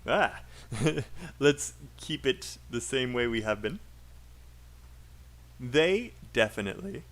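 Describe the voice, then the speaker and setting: A man's voice: mid-range voice, very animated, a bit bright. British man drilling English pronunciation. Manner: drills phrases by repeating them slowly for learners. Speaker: English speaking teacher. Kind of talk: livestream pronunciation lesson.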